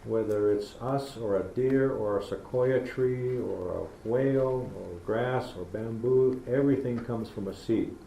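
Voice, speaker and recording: Gravelly-voiced man lecturing in an echoey hall. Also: mid-range voice, a little slow, hardly any pauses, warm tone, a little hiss or hum. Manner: storytelling, folksy, acts out talking to kids. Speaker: public lecturer. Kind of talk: public talk.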